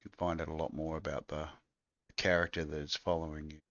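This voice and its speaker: A man's voice: rumbling low, little pitch movement, quick pace, a bit bright, no echo. A man chatting casually as co-host, rambling and crude in a laid-back way, on a dull lo-fi recording. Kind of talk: casual chat. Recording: dull lo-fi dry sound.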